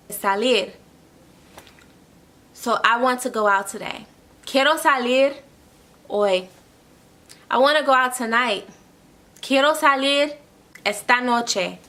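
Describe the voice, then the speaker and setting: Teaching Spanish online, this tutor speaks with a forceful, bright voice that sits a little high. She goes point by point with patience, saying phrases again and pausing to ask "okay?".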